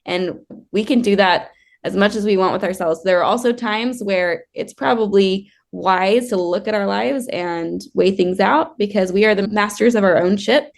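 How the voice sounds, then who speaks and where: A woman's voice: mid-range voice, normal speed, gravelly. A woman co-hosting a podcast, telling stories in a casual way and laughing often. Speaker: podcast co-host.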